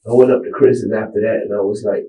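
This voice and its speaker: A man in a recorded police interview, talking in halting, rambling bursts and often saying "you know what I'm saying". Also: fairly low pitch, fairly even intonation, warm tone, reverberant, rough recording. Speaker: suspect being interviewed by detectives.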